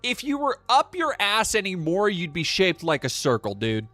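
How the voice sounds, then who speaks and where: A man's voice: high-pitched, wildly swooping pitch, moderate pace, sharp tone, dry recording, soft background music. A man streaming casually, rambling and swearing as he reads chat aloud.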